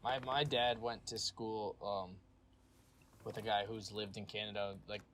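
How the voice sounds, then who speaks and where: A young man with a slightly low voice co-hosting a podcast from home. He rambles along in relaxed, profane chat, full of fillers like "um" and "like". A faint hiss sits behind his voice. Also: measured pace. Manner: laid-back, rambling, profane, with frequent fillers. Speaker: podcast co-host. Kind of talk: casual chat. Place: home, recording remotely.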